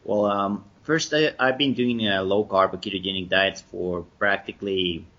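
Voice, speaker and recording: A man's voice: lowish voice, steady tone, normal speed, bright, forceful tone, lo-fi sound. A male podcast guest answering questions in an upbeat, eager way. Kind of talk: casual interview talk.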